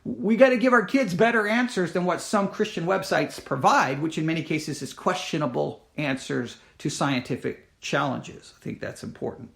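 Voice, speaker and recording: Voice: medium pitch, moderate pace, creaky, few pauses, a bit bright. A Christian commentator reads a news article aloud and comments on it in an emphatic, impassioned way, with frequent restarts and acted-out quotes.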